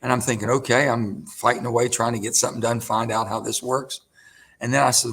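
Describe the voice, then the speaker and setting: Gravelly older man storytelling. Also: mid-range voice, quick pace. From West Virginia. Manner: folksy, animated retelling with acted quotes. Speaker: interview guest, senator. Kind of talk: storytelling interview answer.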